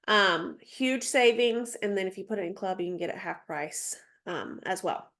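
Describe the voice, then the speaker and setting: A woman's voice: mid-range voice, normal speed, fairly bright tone. A woman with a stuffy nose mentoring a sales team on a video call, chatty, with many ums and asides as she reads through slides. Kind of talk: casual training session, reading slides.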